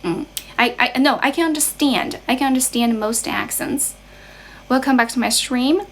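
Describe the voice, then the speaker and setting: A woman's voice: sits high, normal speed, fairly bright tone, slight background noise, low-quality recording. A young woman from China with a Chinese accent, chatting casually on a livestream as an English tutor, thanking viewers and patiently explaining with a lot of "right?".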